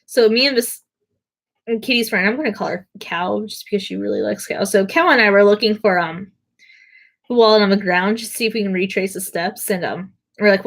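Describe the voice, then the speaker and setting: A young woman streamer with a fairly high voice talks fairly quickly, telling stories in a casual, rambling way. She pokes fun at herself and laughs as she goes.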